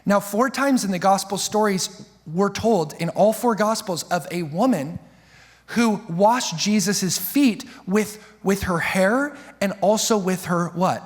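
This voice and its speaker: A young man preaching a sermon as pastor, impassioned, slowing down to stress key phrases. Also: high-pitched, lively intonation. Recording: long hall reverb.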